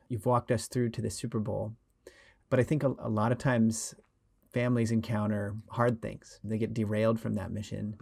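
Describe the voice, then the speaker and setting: A man hosting an interview, asking attentive, soft-spoken questions. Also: lowish voice, vocal fry, husky. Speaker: host. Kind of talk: podcast interview.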